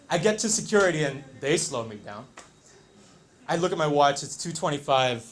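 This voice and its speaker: A man telling a story on stage, lively, acting out the voices and laughing along. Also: fairly high pitch, a little fast. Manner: animated, acts out quotes, laughs along. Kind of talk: live storytelling performance.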